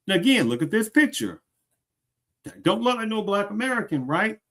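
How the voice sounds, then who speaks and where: A man's voice: sits high, very animated, normal speed, a bit bright. A man hosting a commentary show, reacting to a clip and asking his audience repeated rhetorical questions. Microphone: streaming setup.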